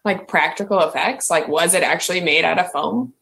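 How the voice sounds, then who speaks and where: Casual woman asking quick questions. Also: lowish voice, creaky, fairly bright tone. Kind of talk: casual group chat.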